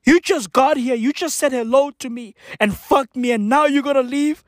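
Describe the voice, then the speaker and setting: A woman's voice: sits high, no room sound, voice pushed up, natural voice. A woman playing a desperate superhero guy begging his lover to stay, whiny, dry close sound. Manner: whiny, pleading, rapid questions. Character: clingy pleading male superhero, desperate lover.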